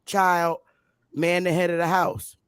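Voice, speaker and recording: Woman host, casual chat, emphatic and animated, dry close sound, mid pitch. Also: slow pace, smooth, no room sound. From Connecticut, US. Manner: animated, emphatic, exclaims loudly. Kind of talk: casual talk show chat.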